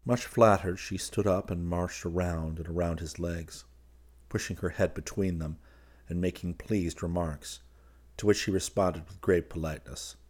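Low-pitched man, measured audiobook narration. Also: fairly even intonation, darkish tone.

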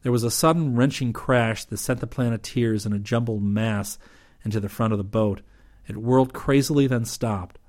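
A man reading an adventure novel aloud in steady, even audiobook narration. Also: mid-range voice, normal speed.

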